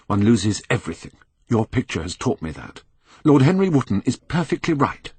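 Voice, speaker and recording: An anguished, vain young Englishman, as a male reader puts him on, pleading and rising into despairing outbursts. The voice swings widely in pitch and has a husky edge. It sounds close and dry. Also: no room sound.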